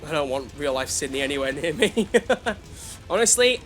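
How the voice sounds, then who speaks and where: His voice sits a little high and sounds fairly bright and animated, moving at a moderate pace as he streams a video game. He's a chatty host who talks to his chat and jokes at his own expense. Faint music runs underneath.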